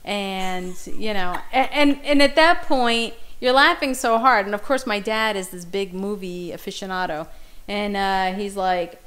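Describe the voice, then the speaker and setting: A woman's voice: mid-range voice, unhurried, a bit bright, poor audio. A middle-aged woman co-hosting a podcast, telling family stories in casual chat and laughing often. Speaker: podcast co-host.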